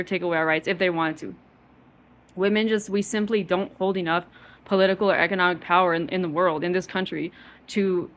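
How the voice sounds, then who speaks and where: Heated young woman venting, low-pitched. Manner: profane, heated, heavy use of filler "like". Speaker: vlogger. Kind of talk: angry personal monologue.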